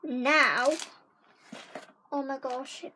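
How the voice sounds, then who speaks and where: A woman's voice: high-pitched, fairly even intonation, very slow, sharp tone, slight background noise, poor audio. A young woman chatting in a casual haul vlog from her bedroom, gushing and talking straight to her viewers. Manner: gushing, chatty, keeps saying guys. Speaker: vlogger. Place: bedroom at home.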